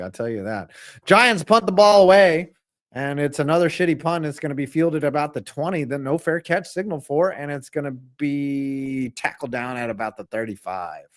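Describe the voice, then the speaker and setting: A man reacting live to a football game, calling plays and joking in profane, animated banter. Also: mid-range voice. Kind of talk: live sports reaction commentary.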